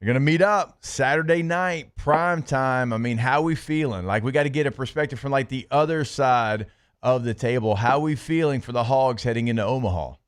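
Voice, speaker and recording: Upbeat sports radio host, smooth voice. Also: male voice, medium pitch, no echo, studio quality. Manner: upbeat, quick, filler-heavy. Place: radio studio. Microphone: studio microphone.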